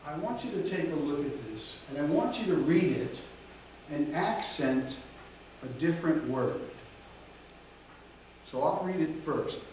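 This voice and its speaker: A man teaching a real estate class, lecturing in a slow, deliberate and emphatic way. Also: on the high side, expressive, darkish tone, slight background noise. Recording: echoey classroom from far off.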